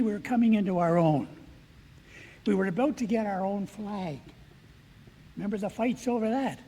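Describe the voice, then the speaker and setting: Older priest, high-pitched, storytelling speech, long hall echo, faint noise behind. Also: male voice, a little mellow, breathy edge. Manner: storytelling, acting out quoted dialogue. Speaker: Jesuit priest accepting a medal. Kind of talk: anecdotal acceptance speech.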